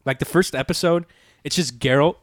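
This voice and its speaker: A young man co-hosting a casual podcast from a home basement, loose and profane, quick to laugh, rambling through his week. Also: a little high, a little hiss or hum. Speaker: podcast co-host.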